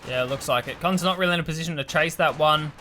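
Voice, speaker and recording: A man co-casting a strategy video game match, giving rapid, enthusiastic analysis. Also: fairly high pitch, bright, forceful tone, soft background music. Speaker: esports co-caster. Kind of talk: game commentary.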